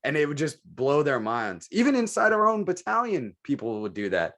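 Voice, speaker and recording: A man's voice: fairly high pitch, moderate pace. A man co-hosting a podcast, telling military stories in casual profane chat and mimicking the people he quotes. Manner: profane, animated storytelling with mimicked voices. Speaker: podcast co-host.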